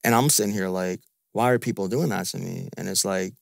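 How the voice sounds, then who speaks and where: A man's voice: sits low, brisk, vocal fry, no room sound, studio quality. A man venting in a frustrated, repetitive, profane way in a casual podcast chat. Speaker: podcast guest.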